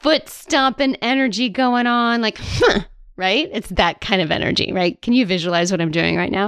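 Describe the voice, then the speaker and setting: A woman hosting a life coaching podcast who talks in a playful, animated way, laughing often and acting out whiny voices. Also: medium pitch, moderate pace, no echo, clean studio sound. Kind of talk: solo podcast monologue.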